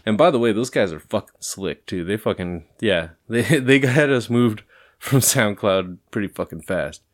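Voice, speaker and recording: A man's voice: lowish voice, expressive, normal speed. A man co-hosting a podcast, talking loosely and swearing a lot, rambling with fillers while stoned. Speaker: podcast co-host. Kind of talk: casual podcast chat.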